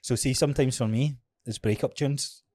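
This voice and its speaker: A Scottish man in his thirties chatting on a podcast, quick to joke and laugh. His pitch is middling. The sound is close and dry, with no room echo. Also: steady tone, darkish tone. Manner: laughs often, jokey. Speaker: podcast co-host. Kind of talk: casual chat.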